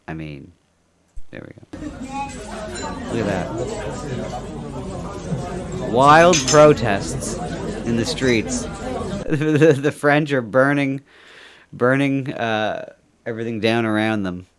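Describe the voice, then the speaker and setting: A man's voice: mid-range voice, takes it slowly, pauses often, a crowd in the background. A man from Canada co-hosting a podcast, rambling and joking through casual commentary and laughing often. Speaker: podcast co-host.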